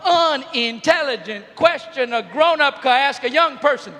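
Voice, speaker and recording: Middle-aged guy cracking up a teen crowd, really high voice, bright and punchy, big arena echo all around. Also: unhurried. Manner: animated storytelling, often shouting. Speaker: youth speaker. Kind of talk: comedic motivational talk to teens. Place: large arena.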